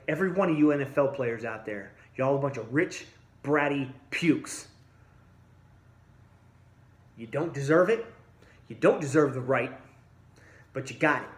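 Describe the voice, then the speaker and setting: A man's voice: mid-range voice, normal speed. Angry man ranting in an echoey room. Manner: blunt, combative, addresses listeners directly. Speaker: vlogger.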